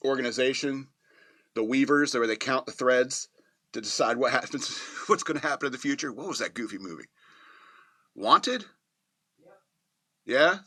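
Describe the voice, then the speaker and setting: A man talks through a movie review in a casual, rambling way, cracking jokes and laughing at himself as he goes. His voice is bright and forward, and the recording is dry and close with no room sound. He sometimes drops into quick mocking voices to act out scenes. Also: medium pitch, dry recording. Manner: loose, joking, laughs at his own remarks. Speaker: movie reviewer, podcast host.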